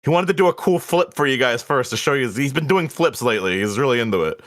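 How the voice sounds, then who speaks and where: A man's voice: mid-range voice, lively intonation, fast, a bit bright. A young man chatting casually and profanely while livestreaming. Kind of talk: casual live-stream chat.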